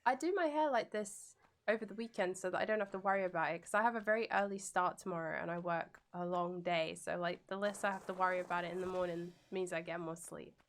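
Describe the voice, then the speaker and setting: A woman's voice: on the low side, quick pace. A young woman streaming a game and chatting casually with viewers, playful and giggly, singing silly jingles between remarks.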